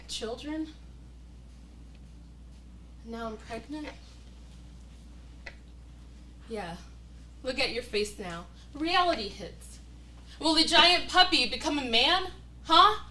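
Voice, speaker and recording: Woman acting a desperate young woman, pleading, bright tone, faint room hum, recorded from far away. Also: fairly high pitch, reverberant, heavily acted. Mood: bitter. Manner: anguished, pleading. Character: desperate young woman torn over a cruel dying man. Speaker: acting student. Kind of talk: stage monologue.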